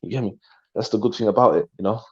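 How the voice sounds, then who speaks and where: A man's voice: on the low side, fast. Slangy man, dull lo-fi audio. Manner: slangy, rambling, trails off. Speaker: live stream host. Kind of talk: casual live chat.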